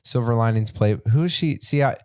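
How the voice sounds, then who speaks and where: A man's voice: mid-range voice, fairly quick, a little mellow, clean tone, no echo, studio quality. A man co-hosting a podcast in casual chat, rambling with many likes and restarts. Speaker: podcast co-host.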